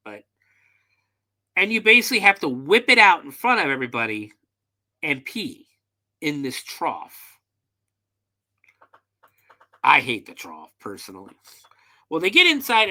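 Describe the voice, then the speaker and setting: Male podcast host, casual and profane recapper, fairly high voice. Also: huge pitch swings, normal speed, long pauses, pushed and bright. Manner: profane, loose storytelling with fillers.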